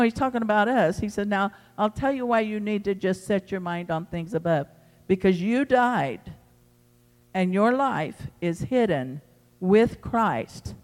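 High-voiced preacher in an echoing church. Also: male voice. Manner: emphatic, repeats phrases, addresses the church. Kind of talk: sermon. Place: church sanctuary. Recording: long hall reverb in a church.

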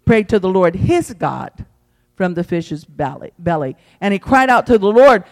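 A man preaching an evening sermon in a church, swinging between loud calls and quiet, low passages. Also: sing-song, normal speed, vocal fry. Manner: fervent preaching with big swings in pitch and loudness. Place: church sanctuary. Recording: long hall reverb.

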